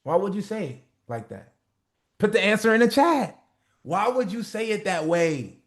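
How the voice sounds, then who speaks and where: A man coaching a group on a motivational call, animated and profane, acting out little skits. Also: high-pitched, normal speed. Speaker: business coach.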